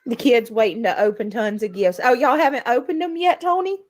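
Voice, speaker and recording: A middle-aged woman hosting a casual livestream, chatting warmly with viewers, greeting them by name, often clearing her throat. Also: on the high side, a little fast. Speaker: livestream host.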